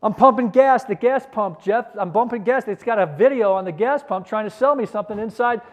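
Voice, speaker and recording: Energetic man leading a sales seminar. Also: sits high, brisk, lo-fi sound. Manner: energetic, coaxes audience to repeat phrases. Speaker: sales trainer. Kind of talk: conference seminar talk.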